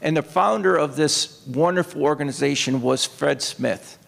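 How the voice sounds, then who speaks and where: Gravelly man telling stories in a hall. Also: a little high, normal speed, a bit bright. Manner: rambling anecdotes with restarts and quoted voices. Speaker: author and retired Navy officer. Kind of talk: storytelling talk to an audience. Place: opera house stage. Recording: long hall reverb.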